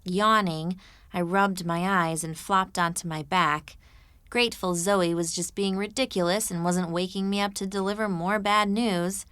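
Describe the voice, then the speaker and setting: A woman narrating an audiobook in the first person, in a measured, even manner into a studio microphone. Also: lowish voice, clean tone, no room sound.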